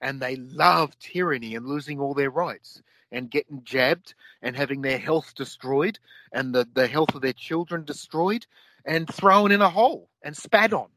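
A man's voice: a little high, moderate pace, sharp tone, dry recording, rough recording. Ranting Australian man, dry sound. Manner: profane, heated and repetitive. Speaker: podcast co-host. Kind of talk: ranting casual talk.

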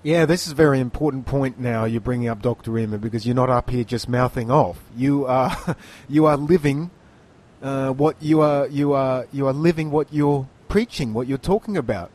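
A man's voice: medium pitch, normal speed, a little mellow. A man hosting an interview, chatting casually and teasing his guest in mock outrage. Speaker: interview host.

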